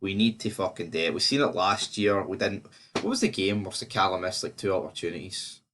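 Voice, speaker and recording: A man's voice: deep voice, brisk, slight background noise. A man with a Scottish accent giving a casual, sweary football match preview on his vlog. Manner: sweary and animated, fan talk. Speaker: football fan vlogger.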